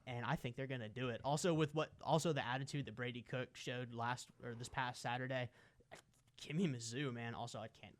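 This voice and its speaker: A man's voice: mid-range voice, steady tone, brisk. A man co-hosting a casual sports podcast, emphatic and playful as he makes his picks. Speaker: podcast co-host.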